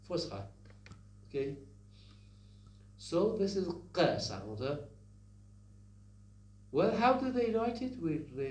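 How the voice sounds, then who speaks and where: In a recorded lecture, a man teaches phonetics, repeating sounds and words and putting questions to the listeners. His voice is a little high with a darkish tone, picked up from a distance in an echoey room with a faint hum.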